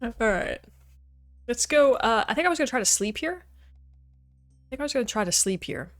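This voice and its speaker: A woman with a slightly high voice and lively intonation streams a video game at a moderate pace, soft music playing behind her. She chats casually with her viewers while playing and laughs often.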